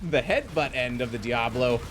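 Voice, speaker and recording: A man casting a live esports match with energetic play-by-play, calling out fights and thanking viewers. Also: mid-range voice, normal speed, a little hiss or hum. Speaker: esports caster.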